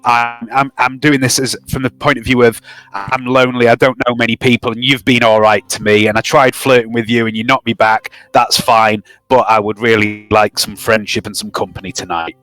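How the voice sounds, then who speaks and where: A man's voice: mid-range voice, fairly even intonation, a little fast, fairly bright tone. A man playing a tabletop game, explaining his character in casual chat. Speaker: player.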